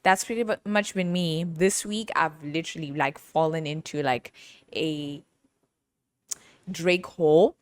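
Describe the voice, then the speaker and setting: A woman's voice: sits low, a little slow, no echo. A woman hosting a podcast, telling stories in a casual, chatty way, laughing often and playfully teasing. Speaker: podcast host. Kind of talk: casual storytelling monologue.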